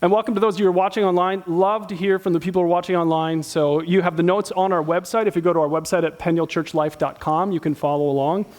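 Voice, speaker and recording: A man's voice: sits high, fairly even intonation, quick pace, hardly any pauses, darkish tone. A middle-aged man preaching a sermon in a church, talking casually and acting out Bible characters as he teaches. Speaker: pastor.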